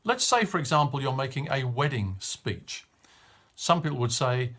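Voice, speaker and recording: A middle-aged man giving a short coaching tip on public speaking, talking in a clear, measured way and stressing key words. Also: medium pitch, big pitch swings, fairly bright tone. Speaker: media coach.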